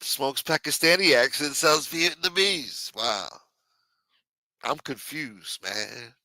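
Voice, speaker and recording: A man's voice: mid-range voice, animated, slow pace, bright, forceful tone, dry recording. A man hosting a casual live stream, rambling and swearing, reading chat aloud and acting out quotes in a raised voice.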